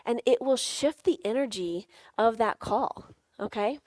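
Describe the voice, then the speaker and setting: A middle-aged woman coaches a live sales workshop audience step by step through tapping exercises, her voice a touch high and a little mellow at a measured pace. She stays playful, laughing often and tossing in jokey asides. The sound is close and dry, with no echo.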